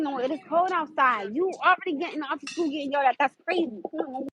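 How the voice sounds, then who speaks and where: Chatty high-voiced woman livestreaming outdoors. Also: fast talker, few pauses, highs cut off, a little hiss or hum. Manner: loud, chatty and exasperated, laughing often. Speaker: livestream host. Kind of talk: casual livestream chat. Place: outdoors in the cold.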